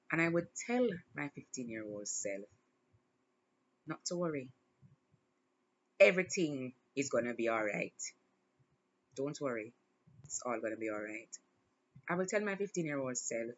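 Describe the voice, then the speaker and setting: A woman's voice: extremely low pitch, animated, measured pace, pauses often, lo-fi sound. A woman hosting her own show, talking in a casual, reflective monologue and smiling through emotion. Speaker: podcast host.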